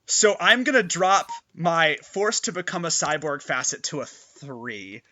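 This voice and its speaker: A man narrating a tabletop game as game master, excitable and gushing, with many fillers. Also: a little high, unhurried, a little hiss or hum.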